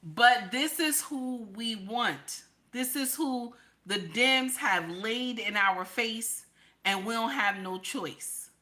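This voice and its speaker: A woman from the New talks straight to her viewers, with a bright, forceful tone. She is blunt and emphatic, and she hammers her points home by saying them again and again. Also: a little high, takes it slowly, poor audio. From New York / New Jersey area. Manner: blunt, emphatic, repeats lines for stress. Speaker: online commentator. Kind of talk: casual political commentary vlog.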